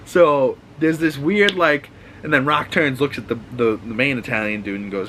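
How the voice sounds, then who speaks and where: A man's voice: medium pitch, moderate pace, pushed and bright, a little hiss or hum, rough recording. A man with a Boston accent hosting a casual, rambling, profane recap of TV shows, full of restarts. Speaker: host.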